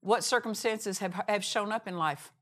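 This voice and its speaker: A woman teaching from the Bible, emphatic, repeating phrases for stress and reading scripture slowly. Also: medium pitch. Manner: reads scripture slowly and deliberately.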